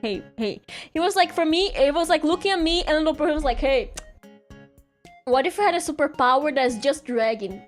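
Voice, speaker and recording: A woman streamer chats casually while she draws, rambling through stories full of giggles and acted-out quotes. Her voice sits high and moves fairly quickly, with soft music playing in the background.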